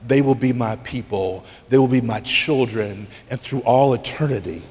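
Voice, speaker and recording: A preacher putting on a tender, resolute God who speaks low and slow, with hushed, deliberate words. It rings out with a long hall reverb behind it. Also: male voice, natural voice. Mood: solemn. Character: God, a loving, resolute divine father.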